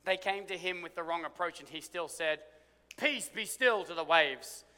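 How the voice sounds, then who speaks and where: A man preaching a sermon, swinging from loud, emphatic lines to hushed, low ones. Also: moderate pace. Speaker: pastor. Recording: long hall reverb.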